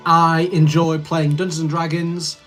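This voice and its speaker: A man's voice: on the high side, flat delivery, a little slow, fairly bright tone, soft background music. A man in his thirties from Yorkshire, streaming a casual livestream chat where he reads comments and rambles in a friendly way while he edits. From Yorkshire, England. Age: 30s. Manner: rambling, friendly, easily distracted while editing.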